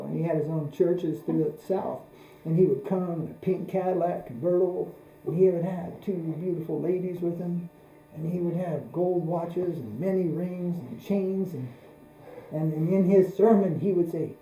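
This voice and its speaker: Male spiritual teacher, very dark mellow tone, roomy echo, unhurried delivery. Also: on the high side, fairly even intonation, vocal fry. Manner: unhurried, repeats phrases for emphasis. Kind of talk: spoken religious discourse.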